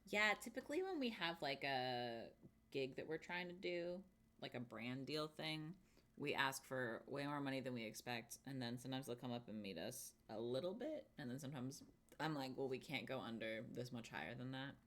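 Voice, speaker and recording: A woman co-hosting a casual livestream, chatty and animated. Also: very deep voice, moderate pace. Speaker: livestream co-host.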